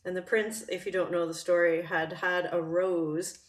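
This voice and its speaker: A woman giving a reflective talk on a story, speaking softly and thoughtfully with some hesitations. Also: on the low side, level tone, normal speed. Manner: soft, thoughtful, hesitant with fillers.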